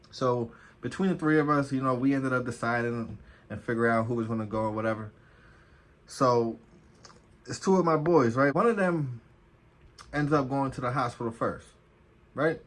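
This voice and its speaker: A man's voice: mid-range voice, moderate pace, pauses often. A man from New telling a casual, profane, slang-heavy story as a vlogger. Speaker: vlogger, former officer.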